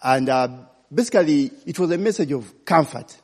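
A man's voice: on the high side, expressive, moderate pace, darkish tone, breathy edge. A man preaching an informal sermon, often checking in with "eh?" and "okay?". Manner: chatty, frequent "eh?" and "okay?" check-ins. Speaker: pastor. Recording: long hall reverb.

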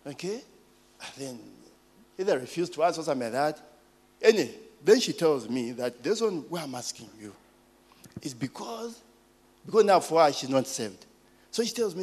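A Ugandan man in his forties preaching, telling personal stories with lively asides and questions to the congregation. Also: on the high side, moderate pace, pauses often. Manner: animated storytelling, call-and-response asides.

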